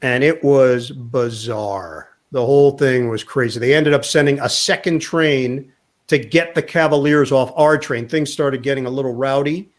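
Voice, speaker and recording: A man's voice: mid-range voice, normal speed. A man, a sportscaster, telling a long anecdote in a casual interview and acting out the quotes. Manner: lively storyteller acting out quotes. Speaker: sportscaster guest. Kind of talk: storytelling anecdote in a chat.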